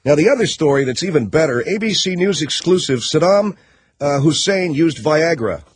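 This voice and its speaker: Sarcastic husky-voiced male radio host. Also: on the high side, animated, normal speed. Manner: sarcastic, mocking, riffing off news stories. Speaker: radio talk show host. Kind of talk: talk radio monologue.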